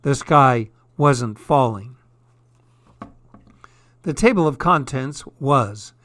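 A man reading comic, twisted fairy tales aloud in a deadpan, wry storytelling manner. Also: mid-range voice, slow.

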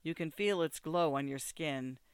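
A man narrating an audiobook in a steady, second-person storytelling way. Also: a little high, a little slow, smooth, dry recording.

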